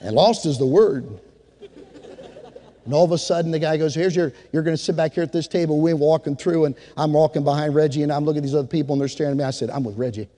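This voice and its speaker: High-voiced preacher man in a reverberant hall. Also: fast talker, a little hiss or hum. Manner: animated preacher, rises to fervent exhortation. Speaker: pastor. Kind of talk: sermon with storytelling.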